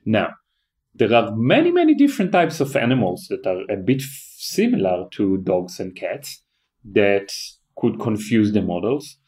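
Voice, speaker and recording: Guest: low-pitched man, halting explainer, repeats words. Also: sing-song, a little mellow. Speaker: guest, AI company founder. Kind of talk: technical interview talk.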